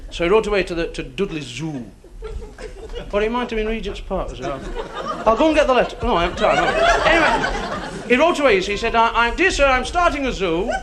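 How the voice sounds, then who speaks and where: A male stand-up comic tells his joke in a rambling, stumbling way and keeps cracking up at it. His voice sits high and swings all over the place. The old TV stage recording is very noisy. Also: very animated, a little fast. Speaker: stand-up comedian. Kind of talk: stand-up routine.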